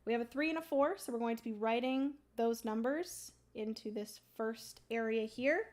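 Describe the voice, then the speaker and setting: A woman hosting a board game livestream, explaining the rules casually with many ums and a throaty morning voice that she keeps clearing. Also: a little high, moderate pace. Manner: chatty, many ums, thinks aloud.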